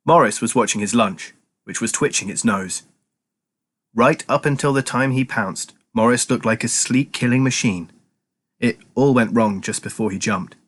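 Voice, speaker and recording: A man's voice: medium pitch, normal speed, fairly bright tone. A man narrating a children's chapter book aloud as a teacher, telling the story expressively.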